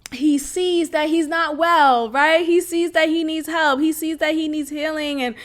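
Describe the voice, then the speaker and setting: A woman's voice: high voice, fairly even intonation, unhurried. A young woman hosting a podcast, telling a personal story in a blunt, casual way with slang and frequent laughter. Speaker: podcast host.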